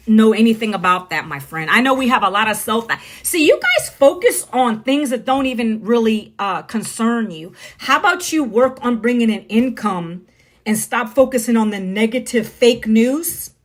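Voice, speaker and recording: A woman's voice: fairly high pitch, expressive, a little slow. Blunt middle-aged woman on a phone live. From United States. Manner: blunt, preachy, talks to viewers by name. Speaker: TikTok live streamer. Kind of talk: casual live-stream monologue.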